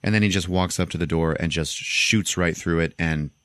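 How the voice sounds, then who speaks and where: A man hosting a podcast, casually retelling a movie plot with animated storytelling and frequent swearing. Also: sits low, normal speed, no room sound. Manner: animated storytelling, acts out quotes, swears freely. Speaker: podcast host.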